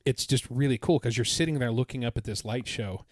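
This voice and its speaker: In casual podcast chat, a male co-host excitedly rambles on about a trip he took. His mid-range voice runs a little fast, captured with clean studio sound and no echo.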